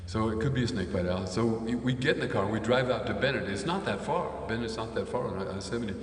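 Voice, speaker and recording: A veterinarian and comedian telling a rambling comic story with stammered repeats. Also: male voice, lowish voice, fast. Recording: distant echoey hall with faint noise.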